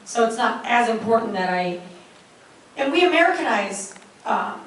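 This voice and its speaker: A woman's voice: fairly high pitch, sing-song, normal speed. A woman voice actor on a convention panel who rambles in a chatty way and giggles often. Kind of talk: casual panel talk. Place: convention hall. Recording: echoey convention hall from far off.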